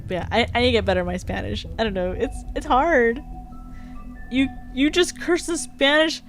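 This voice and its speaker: A woman's voice: a little high, moderate pace. Chatty young woman streaming casually. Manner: chatty, rambling, heavy use of "like". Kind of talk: casual live-stream chat. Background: faint background music.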